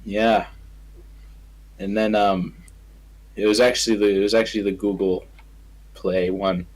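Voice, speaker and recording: A man's voice: lowish voice, level tone, unhurried, rough recording. A young man guesting on a stream, chatting casually, often stumbling and restarting, joking back. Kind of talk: casual live-stream chat.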